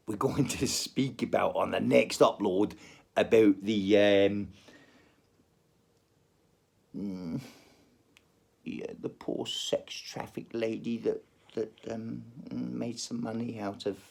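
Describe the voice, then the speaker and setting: A man's voice: on the low side, fairly even intonation, slow, vocal fry, pauses often, slightly rough. A man hosting his own show, telling a crude story in a rambling comic monologue full of swearing. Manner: crude, swearing, jumps between put-on accents. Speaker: podcast host.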